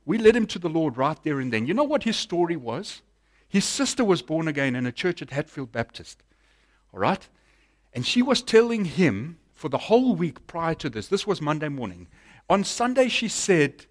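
Pastor, slightly high voice. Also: male voice, big pitch swings, moderate pace. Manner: storytelling, swings from loud to hushed. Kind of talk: sermon with personal story.

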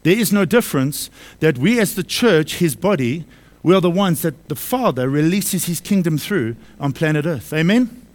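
Male pastor, slightly raised pitch, emphatic sermon delivery with repeated lines and rhetorical questions. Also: lively intonation, moderate pace. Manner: emphatic, repeats key phrases and asks the congregation questions. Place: church service.

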